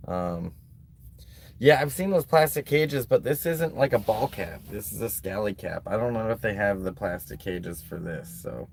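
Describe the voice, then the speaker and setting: A man's voice: on the low side, lively intonation, moderate pace, gravelly, darkish tone, a little hiss or hum. A man chatting casually on a live stream from a beach, rambling and laid-back with lots of "like" and "um". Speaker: livestreaming vlogger. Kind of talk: casual live-stream chat reading donations. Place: at a beach, outdoors.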